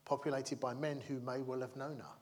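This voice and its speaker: A man's voice: mid-range voice, level tone, a little fast. A man preaching a sermon in a chatty, humorous way, checking in with the congregation and acting out the figures in his stories. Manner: conversational, keeps asking the congregation "yeah?"; acts out the crowd and characters in the stories.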